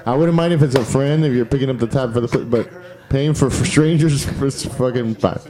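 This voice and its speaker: A man's voice: mid-range voice, a little fast, warm tone. A man co-hosting a casual podcast, chiming in with crude jokes. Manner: crude, joking interjections. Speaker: podcast co-host.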